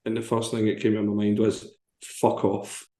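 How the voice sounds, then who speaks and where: A man's voice: fairly low pitch, completely flat delivery, quick pace, warm tone. Frank man in an echoey room. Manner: laughs a lot, frank. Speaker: podcast co-host, journalist. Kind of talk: casual storytelling.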